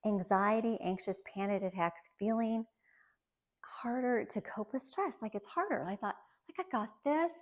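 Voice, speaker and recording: A woman's voice: mid-range voice, a little slow. A woman around fifty talking casually, sharing her own experiences and tips with a light laugh now and then. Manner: chatty, laughs lightly between points; shares personal experiences with listeners. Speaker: vlogger. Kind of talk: casual chat.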